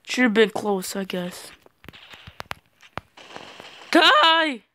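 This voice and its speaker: High-voiced teen boy yelling through gameplay. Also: a little slow, clean tone. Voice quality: voice cracks on loud yells. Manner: excitable, yelps and shouts at the game, hesitant fillers in the outro. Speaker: gaming channel host. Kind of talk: gameplay commentary.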